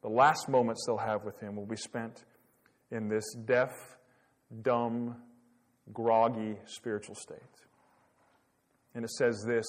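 A man's voice: mid-range voice, level tone, slow pace, pauses often. A man preaching a sermon, dramatic and full of rhetorical questions. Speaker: pastor.

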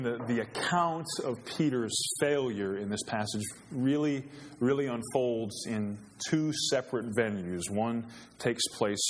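In a church sanctuary, a male pastor preaches a sermon with earnest conviction, growing emphatic whenever he quotes scripture. His voice is lowish, there's slight background noise, and the hall adds a long reverb.

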